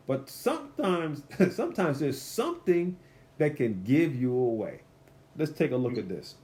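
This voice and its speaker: A man with a somewhat high voice teaches a Bible study in an easy, conversational way. He drops into quick character voices for the people he quotes, then slows right down and reads scripture with deliberate weight. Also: big pitch swings, mellow.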